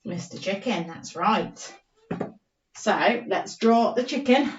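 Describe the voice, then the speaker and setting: Slow, sing-song woman teaching phonics. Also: mid-range voice, animated, echoey room, distant mic, highs cut off, slight background noise. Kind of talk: remote primary school story lesson.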